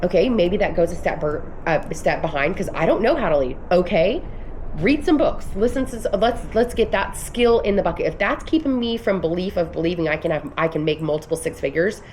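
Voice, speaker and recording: Woman in her thirties, casual vlog coach, earnest and rambling, slightly low pitch, faint room hiss behind. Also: animated, a little fast, darkish tone. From United States. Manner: earnest, emphatic, rambling with restarts. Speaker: vlogger and business coach. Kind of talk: casual motivational vlog talk.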